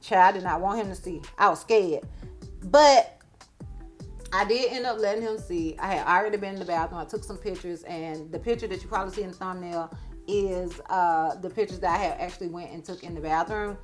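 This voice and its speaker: A woman's voice: on the low side, brisk. Woman, storytime vlog, chatty, laughs a lot, faint music behind. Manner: chatty, laughs often, acts out quotes. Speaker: beauty vlogger.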